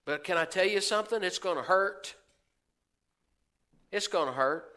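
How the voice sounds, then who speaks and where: Bright high-voiced folksy preacher man. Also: normal speed. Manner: folksy, preaching with rhetorical questions and asides; acts out quoted voices of churchgoers. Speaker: pastor. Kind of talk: sermon.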